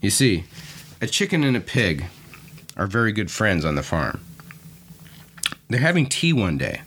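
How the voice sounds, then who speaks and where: Low-voiced male podcast host, methodical lesson narration, very expressive intonation. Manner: clear, methodical explaining.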